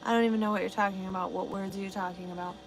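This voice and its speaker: A woman's voice: medium pitch, flat delivery, racing, a little hiss or hum, poor audio. A woman truck driver on a casual livestream, answering her chat bluntly and swearing freely. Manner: blunt, swears a lot, talks back to chat.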